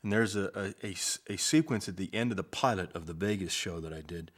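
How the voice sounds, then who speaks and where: An older man, an actor, recalling his early career in a soft-spoken, unhurried interview manner. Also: low voice. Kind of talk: interview reminiscence.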